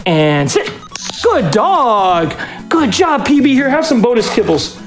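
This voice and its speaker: A speedrunner at a live event stage giving a dog short coaxing commands and chatting excitedly about the run. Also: mid-range voice, unhurried, faint music behind.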